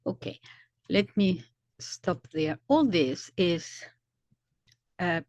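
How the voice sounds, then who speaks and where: A woman commentator explaining events slowly, often pausing to search for words. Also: fairly low pitch, expressive, a little mellow, no echo. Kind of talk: commentary video.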